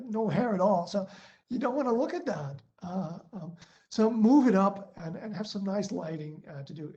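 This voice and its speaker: A man gives a presentation on a webinar from his computer, and his mellow, soft-toned voice comes through dull, lo-fi video-call audio. He speaks loosely with lots of ums, uhs and self-corrections, like a speaker working without a script. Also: high-pitched. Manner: hesitant, many fillers and restarts. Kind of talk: online presentation talk. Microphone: laptop built-in mic on a video call.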